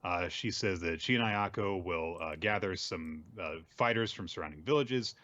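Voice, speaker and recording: A man casually recapping manga chapters on a podcast, often jumping into quick voiced lines. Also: sits low, sharp tone, no echo, highs cut off. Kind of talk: casual chat.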